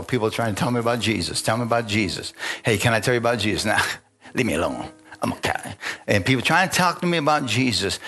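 A pastor delivers a conversational sermon, frequently calling on the congregation for amens and chuckling as he goes. His voice sits at a medium pitch with a slightly bright quality.

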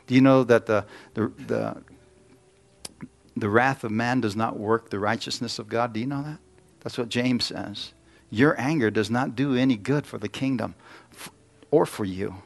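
A middle-aged man preaching a sermon, telling folksy personal stories and putting questions to the congregation. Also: mid-range voice.

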